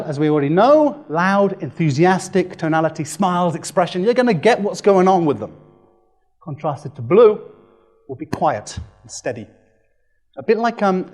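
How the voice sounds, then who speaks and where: A man presents to a room with a playful, animated delivery, his voice sitting a little high for a man. He breaks into quick acted-out quotes as he talks. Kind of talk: lively training presentation.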